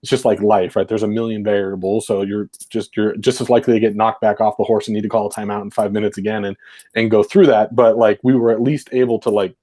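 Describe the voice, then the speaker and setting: A man's voice: fairly low pitch, level tone, fast, dark tone. A man co-hosting a podcast, reflectively recounting his football coaching days in a rambling, casual way full of fillers. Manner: rambling, reflective, heavy use of fillers like "like" and "right". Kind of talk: casual storytelling conversation.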